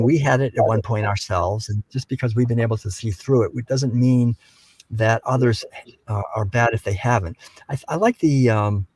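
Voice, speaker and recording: An older man talks gently and without hurry, telling stories and often restarting his phrases. His voice sits at a middle pitch. The sound is dry and close. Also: no echo, poor audio. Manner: gentle, unhurried storytelling with many restarts. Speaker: guest speaker. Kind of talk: reflective conversational talk.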